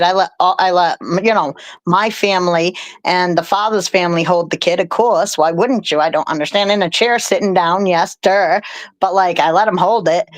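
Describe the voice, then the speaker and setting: An older woman in casual chat on a live stream, rambling and heartfelt as she tells a family story. Her voice sits in a middle range. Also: mid-range voice.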